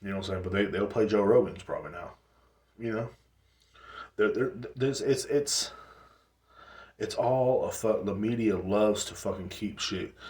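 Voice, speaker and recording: A man's voice: lowish voice, normal speed, long pauses, darkish tone, recorded from a distance. A man hosting a solo podcast, ranting in a profane, rambling way with frequent restarts. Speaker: podcast host. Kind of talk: casual solo podcast rant. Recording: echoey room, off-mic.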